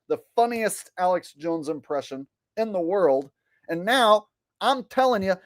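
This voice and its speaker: A man's voice: high-pitched, dry recording, studio quality. Exasperated, swearing male commentary vlogger. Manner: profane, exasperated ranting. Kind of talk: ranting commentary.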